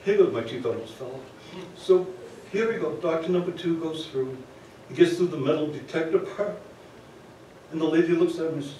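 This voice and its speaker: Man, storyteller, live on stage, chatty asides to the crowd, slightly high voice, very echoey theater, faint hiss. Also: a little fast, darkish tone, distant mic. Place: theater stage before an audience.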